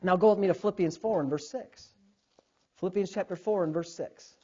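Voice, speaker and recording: A man's voice: high-pitched, a little fast, husky. A man in his thirties preaching a sermon as a pastor, acting out voices and calling on the congregation to answer. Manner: animated preaching, acts out God's voice and calls for responses. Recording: dull lo-fi sound.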